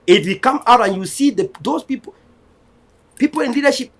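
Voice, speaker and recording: A man's voice: extremely high pitch, expressive, a little fast, fairly bright tone. A man from Cameroon, hosting an online show and giving an impassioned, defiant political address that often turns preachy. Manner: defiant, preaching, repetitive rallying. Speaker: online TV host.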